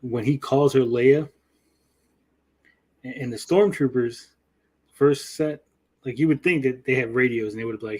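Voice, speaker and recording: A man's voice: mid-range voice, a little slow, long pauses, poor audio. A man co-hosting a casual review chat, blunt and profane, often mimicking characters. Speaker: podcast co-host.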